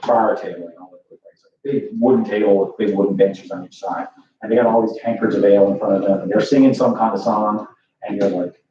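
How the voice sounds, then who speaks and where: A man with a low, mellow voice narrates a tabletop game as its dungeon master, rambling along with plenty of "like" and "uh". He sits well back from the mic in a very echoey room, and the recording is dull with a faint hiss. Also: steady tone, fast talker, far from the mic. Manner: rambling, many fillers and "like".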